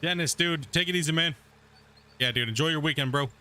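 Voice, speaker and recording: A man's voice: on the high side, brisk, sharp tone. A man streaming a game from his home desk, chatting casually and saying dude a lot while he coos at his cat. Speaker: gaming streamer. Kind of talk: casual live-stream chat. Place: home gaming room. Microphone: desk mic at a gaming setup.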